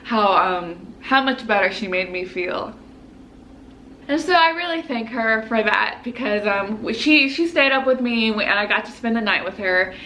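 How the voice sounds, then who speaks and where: A young woman in her twenties, a medical student, telling a personal story to camera in an animated, chatty way, full of "like" fillers. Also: fairly high pitch, normal speed, slight background noise.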